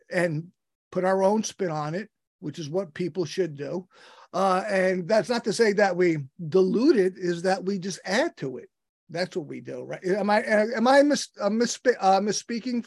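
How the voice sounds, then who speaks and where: A man's voice: high voice, moderate pace, no echo. A man hosting an interview, enthusiastic and rambling, with many restarts as he introduces his guest. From United States. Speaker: podcast host.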